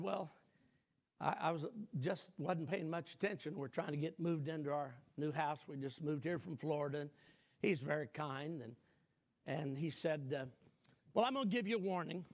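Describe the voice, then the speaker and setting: An older man preaching a sermon, telling a folksy personal story and rising to shouted emphasis. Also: a little high.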